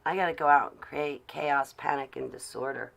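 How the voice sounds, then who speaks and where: A woman's voice: sits low, normal speed, creaky, fairly bright tone. A woman live-streaming to her chat from her car while driving, talking casually and sarcastically in a ranting way.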